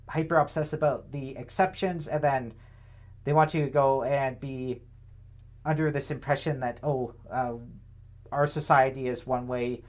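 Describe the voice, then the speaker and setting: A young man giving a casual political commentary monologue, rambling and indignant, full of fillers and tag questions. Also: medium pitch. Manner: sarcastic, indignant.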